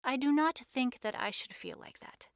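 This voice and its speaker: A woman's voice: on the high side, lively intonation, moderate pace, no room sound, studio quality. A woman voicing a grim, earnest male French detective who talks with insistent emphasis. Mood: scornful.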